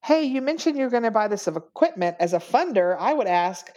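A woman's voice: on the high side, big pitch swings, brisk, warm tone, lo-fi sound. A woman grant writer in casual podcast conversation, explaining her approach step by step, with fillers along the way.

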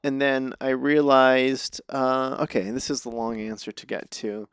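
A man's voice: mid-range voice, fairly even intonation, a little slow, a bit bright, clear, resonant tone, no room sound, clean studio sound. A man, an actor and comedian, telling stories as a guest in a casual interview, rambling and self-deprecating, often laughing.

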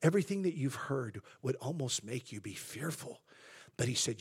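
A male pastor preaching a sermon, rising loud and high for emphasis and then dropping to a hush. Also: lively intonation, moderate pace, breathy edge. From Southern California. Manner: swells loud and high for emphasis, then drops to hushed tones.

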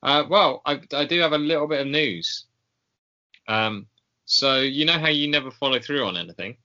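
A man co-hosting a podcast in casual chat, slow and hesitant with many ums and pauses. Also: mid-range voice, lively intonation, sharp tone, muffled recording. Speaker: podcast co-host.

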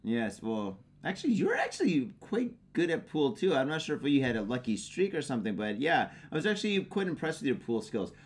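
A man's voice: mid-range voice, huge pitch swings, fairly quick, few pauses. A man co-hosting a casual podcast while drinking, tipsy and joking, with loose, profane banter and frequent chuckles. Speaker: podcast co-host.

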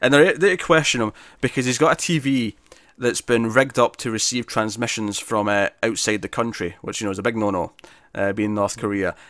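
A man's voice: fairly low pitch, normal speed, a bit bright, no echo, clean studio sound. A man co-hosting a casual podcast chat, rambling through a story with many fillers and restarts. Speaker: podcast co-host reviewing comics.

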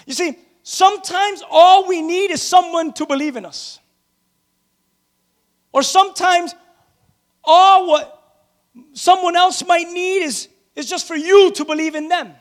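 High-voiced man preaching emphatically. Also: unhurried, long pauses. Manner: emphatic, repetitive preaching with casual asides. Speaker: pastor. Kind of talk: sermon.

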